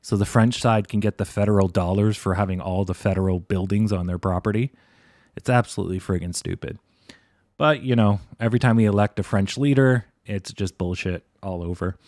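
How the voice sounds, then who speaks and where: A man's voice: fairly low pitch, fairly quick, a little mellow, dry recording, studio quality. A man hosting a live stock trading stream, rambling casually and thinking aloud. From Canada. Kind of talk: live stream chart commentary.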